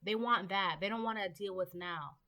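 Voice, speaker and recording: A woman's voice: medium pitch, moderate pace, sharp tone. A woman giving a casual collective tarot reading, rambling and chatty, with frequent ums and the odd casual swear word. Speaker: tarot reader.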